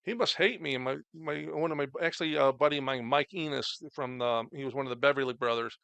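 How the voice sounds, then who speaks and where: A man's voice: medium pitch, steady tone, quick pace, creaky, a bit bright, smooth, no echo. A middle-aged man, a guest chatting casually and rambling with many fillers about his wrestling days. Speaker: podcast guest, former wrestler. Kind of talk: casual storytelling chat.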